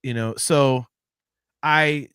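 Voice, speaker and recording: A man hosting a podcast in casual chat, rambling with many restarts and lively swings in delivery. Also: mid-range voice, drawn-out words, clean tone, no echo, studio quality. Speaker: podcast host.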